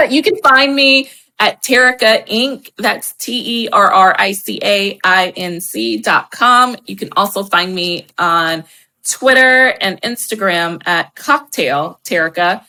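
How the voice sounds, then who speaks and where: A woman guest chats on a podcast with a bright, sharp-edged voice. She is effusive and animated, and breaks into laughter often. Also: mid-range voice, takes it slowly. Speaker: podcast guest, wedding professional and speaker. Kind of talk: casual podcast conversation.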